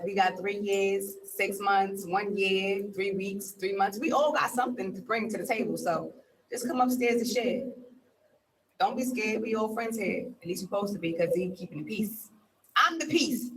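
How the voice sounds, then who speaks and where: High-voiced man hosting a poetry stream. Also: fairly bright tone. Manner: playful, slangy, welcoming banter. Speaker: host of a poetry livestream. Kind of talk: reciting spoken word poetry then hosting casually. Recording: distant from the mic, faint background noise.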